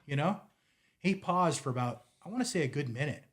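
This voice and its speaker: A man's voice: fairly high pitch, a little fast. A man in his forties who owns a fly shop and guides fishing trips, telling a story casually on a podcast and acting out the dialogue. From United States. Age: 40s. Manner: animated, acts out quoted dialogue, drops to near-mutter at times.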